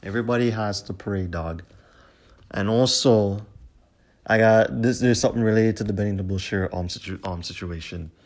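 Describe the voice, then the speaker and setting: A man's voice: lowish voice, normal speed. Heated, cursing man ranting. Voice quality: profane, heated, repetitive. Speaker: vlogger. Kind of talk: casual ranting commentary.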